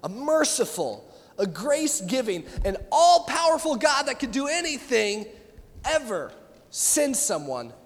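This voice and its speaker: A youth pastor preaching a sermon in an animated way, acting out the voices of people he quotes. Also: very high voice, measured pace, in a large hall.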